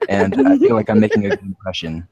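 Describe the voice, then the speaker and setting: Laid-back joking man, low voice. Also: fast. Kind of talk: casual group chat.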